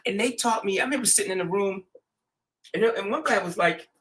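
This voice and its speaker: With a high-pitched, brisk delivery, this man hosts a laid-back storytelling chat. He's slangy and animated, acting out what people said and laughing through it.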